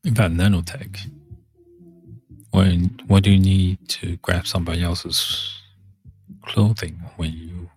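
Low and husky, a man rambles casually in a monologue that drifts from point to point. He cuts himself off and hums filler tunes along the way.

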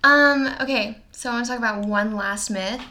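A young woman co-hosts a podcast with easy casual chat, playful and quick to joke. Her voice sits a bit high for a woman, and her tone stays upbeat. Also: pushed and bright, slight background noise. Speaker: podcast co-host.

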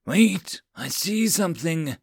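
An alert male dragon scout, read by a male narrator, calls out sightings with a lifted, lively voice. The recording is close and dry. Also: a little high, slow, gravelly, no room sound, voice pushed up, heavily acted.

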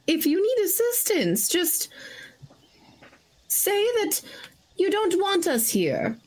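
A woman voicing a polite halfling adventurer woman who gently offers help through a door. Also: extremely high pitch, huge pitch swings, slow, voice pushed up, exaggerated voice, poor audio. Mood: courteous, concerned. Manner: gentle, overly courteous, persuasive.

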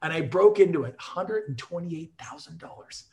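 A man's voice: on the high side, normal speed, a crowd in the background. A man speaking to agents on a video call, telling his sales stories with punchy, emphatic energy and jokes. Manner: energetic, emphatic, jokey storyteller. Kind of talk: motivational talk on a video call.

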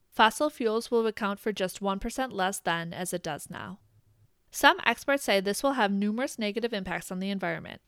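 Woman host reading facts off a script, smooth clear voice, dry close mic. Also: medium pitch, no echo. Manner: even, measured reading of figures. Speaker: podcast host. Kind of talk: scripted informational narration.

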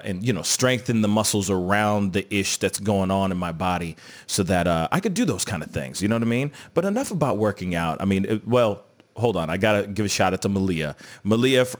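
A man hosting a live stream, chatting casually and joking while he reads viewer comments aloud. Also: lowish voice. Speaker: host of a live entertainment news stream.

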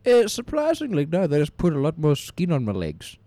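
A man co-hosting a comedy podcast, telling absurd stories in a rambling, deadpan way with many restarts. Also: a little high, brisk, no echo. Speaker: podcast co-host.

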